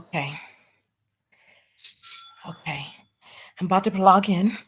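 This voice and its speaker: A woman's voice: on the low side, slow pace, breathy edge. A woman hosting a casual livestream, nervous and stalling, repeating herself as she reads viewer comments aloud. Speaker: livestream host.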